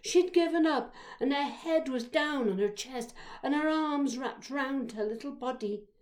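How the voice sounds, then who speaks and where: Reading a childhood memoir at a measured pace, this woman storyteller has a high-sitting voice. Her delivery is expressive, swinging from quiet whispers to loud outbursts.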